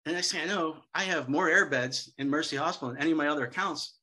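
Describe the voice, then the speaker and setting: Middle-aged male speaker, ringing forceful tone, animated anecdotal seminar delivery. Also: a little high, fast talker, husky. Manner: lively storyteller, acts out quoted dialogue. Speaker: guest speaker on hospital sales.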